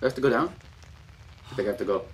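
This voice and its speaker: A man's voice: mid-range voice, animated, rapid-fire, slight background noise. A young man commentating a horror game, jumpy and panicky, muttering repeated words to himself. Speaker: gameplay commentator.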